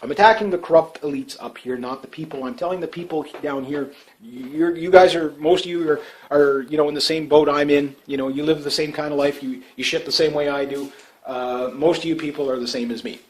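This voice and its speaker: A Canadian man rambling through casual commentary on his channel, full of fillers and restarts, his voice often trailing off quietly. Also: on the high side, a little fast, low-quality recording. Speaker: vlogger.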